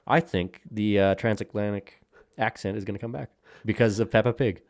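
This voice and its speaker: A man's voice: lowish voice, moderate pace, a little mellow. A young man co-hosting a podcast, rambling and joking crudely in casual banter with lots of fillers and laughs. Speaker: podcast co-host.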